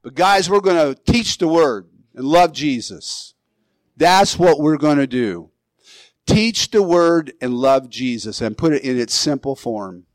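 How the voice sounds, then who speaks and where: A male pastor preaching a sermon, animated, acting out Bible figures in quick asides. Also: a little high, no room sound.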